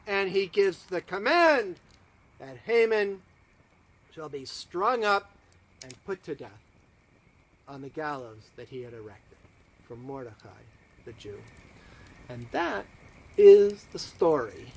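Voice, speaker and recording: Animated, unhurried male rabbi storyteller. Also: high-pitched. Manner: dramatic, drops to near whispers and swells. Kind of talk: storytelling to a congregation online.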